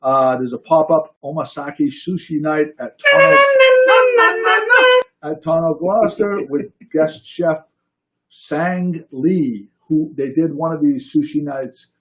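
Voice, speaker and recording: A man with a somewhat high voice hosts a casual talk show. He talks in brisk, jokey bursts while running a prize draw and reading notices. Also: wildly swooping pitch, slight background noise. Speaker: podcast host. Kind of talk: casual chat, running a giveaway.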